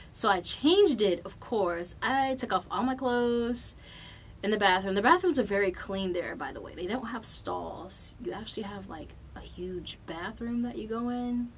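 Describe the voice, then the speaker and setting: A young adult woman hosting a podcast, telling a travel story in a loose, animated way with plenty of swearing. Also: mid-range voice, measured pace, a little hiss or hum. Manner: profane, animated, loose and chatty. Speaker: podcast host. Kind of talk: casual storytelling.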